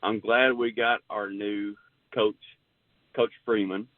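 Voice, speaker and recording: A man's voice: fairly low pitch, level tone, slow pace, no room sound. A man calling in to a sports radio show, speaking plainly. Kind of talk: casual sports talk. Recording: tinny phone line.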